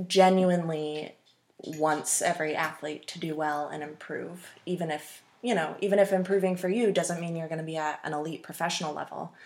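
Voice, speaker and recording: A woman in her twenties, a runner guest on a podcast, chatting casually and rambling with many ums and restarts. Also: sits low. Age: 20s. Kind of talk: casual interview chat.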